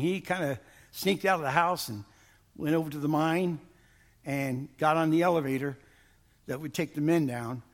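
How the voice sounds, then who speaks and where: A man with a notably high voice narrates a story to a live audience. He tells it in an animated way and acts out the quoted lines. A long reverb from the big hall trails each phrase.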